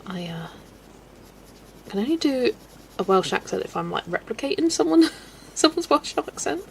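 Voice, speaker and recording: Her voice sits on the high side and swings widely in pitch, with vocal fry and a darkish tone, at a moderate pace. She's a woman hosting a colouring livestream, laughing often while casually reading and answering viewers' comments against faint background noise.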